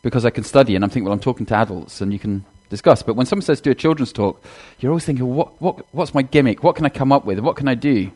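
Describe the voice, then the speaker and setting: A man's voice: medium pitch, lively intonation, fast talker, few pauses, a little mellow. A man giving a chatty sermon in a church, talking directly to the congregation and acting out a children's talk. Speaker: minister.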